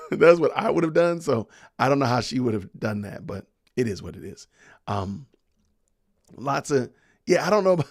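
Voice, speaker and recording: A man's voice: medium pitch, expressive, unhurried, vocal fry, long pauses, no room sound, studio quality. A man hosting a podcast livestream, chatting casually and reading viewer comments aloud with frequent laughs. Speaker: podcast host.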